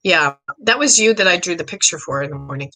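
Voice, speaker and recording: A middle-aged woman hosting a live psychic reading stream, chatty and rambling, excitable, often clearing her throat. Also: fairly low pitch, fast, poor audio. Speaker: psychic medium host.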